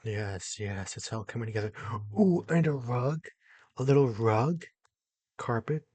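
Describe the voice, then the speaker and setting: Husky young man building and exclaiming. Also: mid-range voice, measured pace, no echo. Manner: excitable, talks to himself while building, jumps between mumbling and loud exclamations. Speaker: gaming YouTuber. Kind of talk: casual gameplay commentary.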